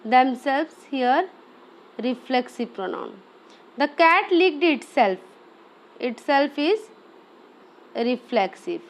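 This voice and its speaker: A high-pitched woman walks through a grammar lesson. She speaks slowly and deliberately, pausing to ask "okay?" as she explains each point. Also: very animated. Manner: explains step by step, often checks "okay?". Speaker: teacher.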